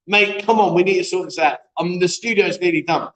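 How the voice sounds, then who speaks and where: Hosting a live-stream chat show, a man banters and reads viewer comments aloud in a jokey, chatty way. His voice sits high and a bit bright, moving a little fast, in an echoey room being set up as a studio.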